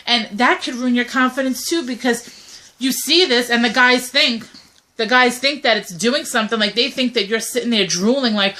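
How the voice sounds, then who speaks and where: A woman's voice: a little high, normal speed, pushed and bright. A young woman co-hosting a casual talk video, speaking bluntly and animatedly, often acting out quoted messages. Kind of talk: casual opinionated chat.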